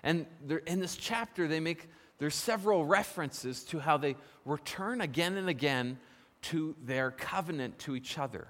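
A man preaching a sermon, telling a story with lively emphasis and posing questions to the congregation. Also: fairly high pitch, moderate pace. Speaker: pastor. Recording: long reverb of a large hall.

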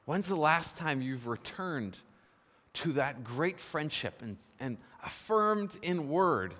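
A male pastor preaches, retelling a story with animated swings of emphasis and pausing to put questions to the listeners. His fairly high voice carries a long reverb of a large hall. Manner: lively storytelling, asks the congregation questions. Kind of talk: sermon.

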